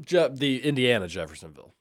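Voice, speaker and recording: A man's voice: medium pitch, very animated, fast, no echo, studio quality. A man hosting a sports radio show, joking with his co-hosts in casual chat. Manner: joking, reads listener texts aloud.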